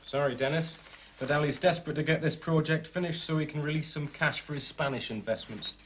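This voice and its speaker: An actor playing a curt, defensive architect who speaks in a clipped, dismissive way. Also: male voice, a little high, fairly even intonation, fairly quick, a bit bright, slight background noise, natural voice. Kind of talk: TV drama acting. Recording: dull TV soundtrack.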